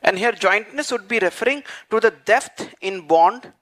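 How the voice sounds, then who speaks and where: A man teaching a class, dictating notes and repeating phrases slowly so students can write them down. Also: high-pitched, lively intonation, a bit bright. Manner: frequent fillers like "what you call" and "okay". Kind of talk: dictated lecture.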